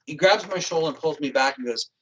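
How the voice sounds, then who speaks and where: Fast and slightly rough, this man's somewhat high voice sounds pushed and bright. A psychic criminal profiler guesting on a talk show, he tells a story casually and vividly, bluntly and with profanity, in dull lo-fi stream audio.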